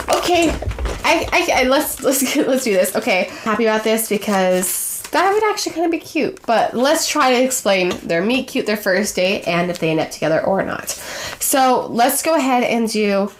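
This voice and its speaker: A woman's voice: medium pitch, slight background noise. A young woman hosting a fandom video, chatting playfully and telling a made-up story, quoting characters in her own voice. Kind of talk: casual storytelling to camera.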